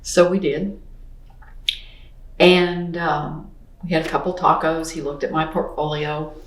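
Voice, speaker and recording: A middle-aged woman tells her story in an earnest, personal way. She fills it with "I mean" asides and acts out other people's words. Her voice sits a little low, with a roomy echo around it. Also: flat delivery, unhurried, slight background noise. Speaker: interview guest, painter.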